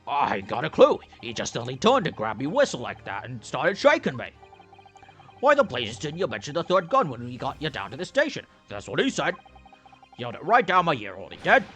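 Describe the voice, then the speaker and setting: A man's voice: mid-range voice, huge pitch swings, a little fast, a bit bright, faint music behind. A man voicing a shifty male Cockney street thug in a game let's play, with a put-on Cockney accent and an evasive, blustering manner. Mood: grumbling.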